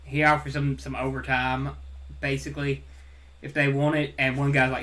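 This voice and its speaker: A man's voice: mid-range voice, fairly quick, bright, forceful tone. A man with a Southern American twang reviewing a comic in a loose, rambling podcast chat, often repeating words and swearing casually.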